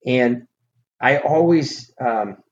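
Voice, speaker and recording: A man's voice: medium pitch, lively intonation, drawn-out words. A middle-aged man from the United States co-hosting a podcast, chatting casually in a rambling, profane, emphatic way. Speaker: podcast co-host. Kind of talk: casual chat. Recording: dull lo-fi audio with faint hiss.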